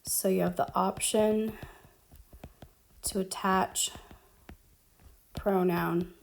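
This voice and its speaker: A woman's voice: medium pitch, steady tone, vocal fry, slight background noise. A woman teaching Spanish grammar at a whiteboard, explaining step by step with frequent ums. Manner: slow, explaining step by step with fillers.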